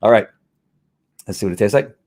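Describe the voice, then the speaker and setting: A man's voice: lowish voice, a little fast, a little mellow. A man chatting casually on a live stream, rambling through a product review with restarts and chuckles.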